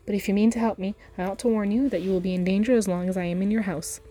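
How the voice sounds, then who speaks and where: A woman's voice: medium pitch, steady tone, rapid-fire, warm tone, lightly acted. A woman voicing a tired, worried young male hobbit who speaks politely and anxiously.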